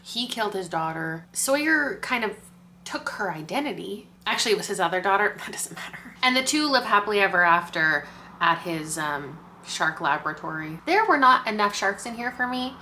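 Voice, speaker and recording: Young woman book vlogger, bright tense voice, laughs a lot, chatty. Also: medium pitch, slight background noise. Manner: animated, laughs often, quick asides. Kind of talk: casual chat.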